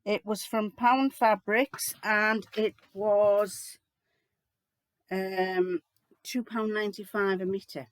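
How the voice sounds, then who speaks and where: A woman's voice: mid-range voice, steady tone, slow pace, clean tone, no room sound. An older woman, rambling and chatty as she answers viewers' questions in a sewing vlog, with lots of fillers and restarts. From United Kingdom. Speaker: sewing vlogger. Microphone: laptop mic.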